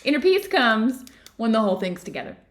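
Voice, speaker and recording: A woman's voice: on the high side, very animated, brisk, a little hiss or hum. A woman hosting an online book club from her home office, talking casually and animatedly and laughing often.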